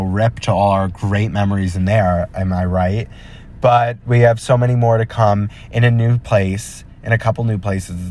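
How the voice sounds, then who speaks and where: A young man hosting his own podcast, chatting casually and rambling, joking and talking straight to his listeners. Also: lowish voice. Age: young adult. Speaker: podcast host. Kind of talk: casual solo chat.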